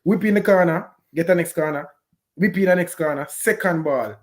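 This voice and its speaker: A man with a Jamaican accent giving an animated, patois-heavy post-match reaction on a football game. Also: on the high side, moderate pace. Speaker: football fan pundit.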